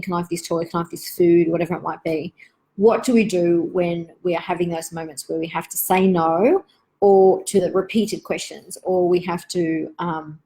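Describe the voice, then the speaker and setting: A woman, hosting a live online Q&A for parents in a gentle, reflective, chatty way with many asides. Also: on the low side, poor audio.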